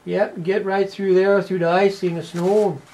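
A man's voice: sits high, little pitch movement, normal speed, warm tone, a little hiss or hum. Folksy Canadian man unboxing toy cars. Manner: folksy, rambling, tags lines with "eh". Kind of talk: casual unboxing commentary.

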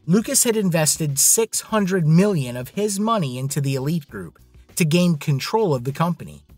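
A man's voice: on the high side, animated, moderate pace, darkish tone, breathy edge, no room sound, faint music behind. A man narrating a scripted drama story in a dramatic storytelling manner.

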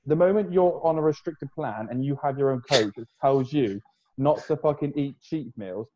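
A young man talks in a loose, rambling way and swears freely. His voice sits at an ordinary middle pitch. The call audio is dull and lo-fi. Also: normal speed, dark tone, slight background noise. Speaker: podcast host, fitness coach. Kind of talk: casual podcast chat. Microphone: video call.

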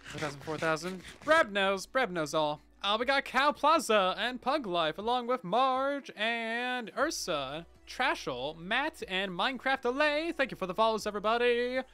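A man's voice: sits high, expressive, normal speed, few pauses, pushed and bright, smooth, soft background music. A man chatting casually as a game streamer, muttering to himself, humming while he builds and thanking viewers from the chat, on a headset mic. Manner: mutters to himself, hums and reads out chat names.

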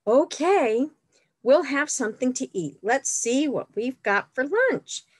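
A woman's voice: high-pitched, expressive, slow pace, no room sound, studio quality, pitched above the performer's own voice, exaggerated voice. A woman voicing a kindly father bear in a storybook, speaking in a cheerful, coaxing way.

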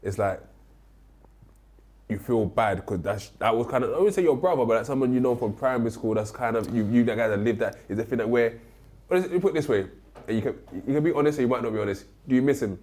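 Guy interviewer, talks quick, stumbles thru his questions. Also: medium pitch, animated, a little mellow. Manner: halting, restarts questions. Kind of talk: casual interview.

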